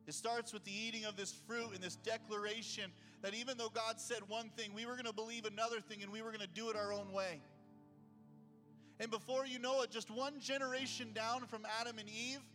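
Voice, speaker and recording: Bright-voiced pastor preaching in a hall. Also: male voice, sits high, fairly even intonation, fairly quick, soft background music. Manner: conversational preaching, reads scripture aloud. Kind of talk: sermon. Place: church sanctuary.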